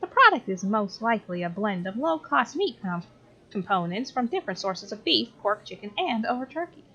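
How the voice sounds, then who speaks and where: A woman's voice: mid-range voice, very animated, moderate pace, pushed and bright, breathy edge, highs cut off, pitched above the performer's own voice, heavily acted. A woman voicing a nerdy teenage boy who speaks in formal, scientific terms.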